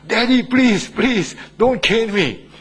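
A man's voice: extremely high pitch, animated, slow pace, fairly bright tone, slightly rough, voice pushed up, heavily acted. A man voicing a small frightened child who pleads tearfully with a parent. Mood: pleading.

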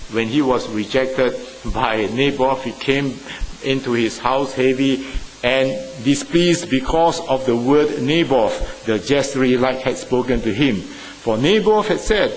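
A male preacher delivers a sermon with emphatic swings between loud, stressed phrases and hushed asides. His mid-pitched voice rings out with a long hall reverb, and a faint hiss sits under the recording. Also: measured pace.

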